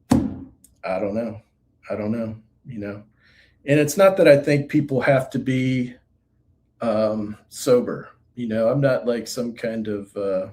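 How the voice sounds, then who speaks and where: Earnest man with a mellow voice. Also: mid-range voice. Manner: earnest, halting, many fillers. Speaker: guest sharing recovery story. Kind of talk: reflective personal testimony.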